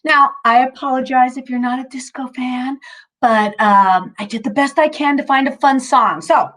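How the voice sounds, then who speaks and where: A fairly high-voiced woman guides a mindfulness class in loose, upbeat chatter. She fills her talk with ums and restarts and sounds a little out of breath at times. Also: normal speed, fairly bright tone. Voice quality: chatty, upbeat, self-interrupting with many fillers. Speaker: mindfulness instructor. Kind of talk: casual guided mindfulness session.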